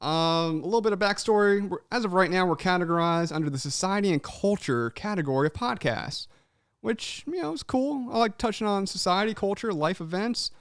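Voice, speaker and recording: A man's voice: high-pitched, a little fast, fairly bright tone, clear, resonant tone, no room sound, studio quality. A young man hosting a podcast, chatting casually and animatedly, swearing freely and calling everyone "man.". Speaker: podcast host. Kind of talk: casual chat.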